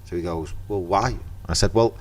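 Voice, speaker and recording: A middle-aged man with a Merseyside accent talks as a guest on a podcast, in a very low, deep voice. He tells his stories lively and casually, acting out each person's lines himself. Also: normal speed. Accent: Merseyside English. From Merseyside, England. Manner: lively anecdotal storyteller acting out dialogue. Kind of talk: casual chat.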